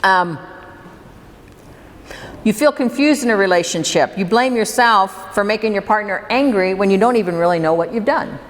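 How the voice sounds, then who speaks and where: A woman's voice: medium pitch, moderate pace. A woman presenting a workshop to a live audience, talking conversationally and putting questions to the room. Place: hall with an audience. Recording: reverberant hall, faint room noise.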